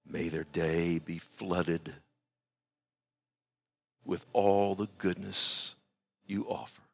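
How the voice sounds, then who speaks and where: Low-voiced man preaching; theatrical shifts from shouting to near-whisper, altar-call prayer. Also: fairly even intonation, extremely slow, gravelly. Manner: dramatic swings from loud exclaims to hushed whispers. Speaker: pastor. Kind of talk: sermon. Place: church service.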